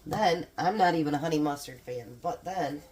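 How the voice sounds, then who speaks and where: A woman's voice: deep voice, normal speed, darkish tone, slight background noise. A woman chatting casually to camera while she cooks and tastes food in her home kitchen, with a chatty, homey manner. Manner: chatty, homey, talks while eating and tasting. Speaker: home cooking vlogger. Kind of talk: casual cooking chat to camera.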